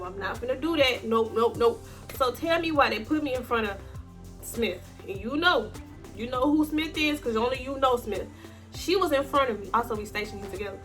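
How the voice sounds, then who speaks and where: A young adult woman speaking African American Vernacular English tells a casual, swear-heavy story to her viewers, calling them y'all. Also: on the high side. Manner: animated, slangy, swearing, addresses viewers as y'all. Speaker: vlogger.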